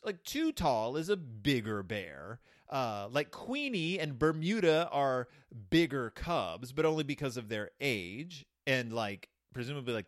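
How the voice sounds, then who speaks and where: Animated man recapping a kids' book. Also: fairly high pitch, dry recording, clean studio sound. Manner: animated, playful, acts out quotes. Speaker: podcast host.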